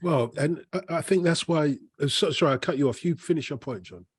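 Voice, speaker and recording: A man's voice: on the high side, brisk, slightly rough. A man co-hosting a casual football chat podcast, reflective, working his way around each point. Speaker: podcast co-host.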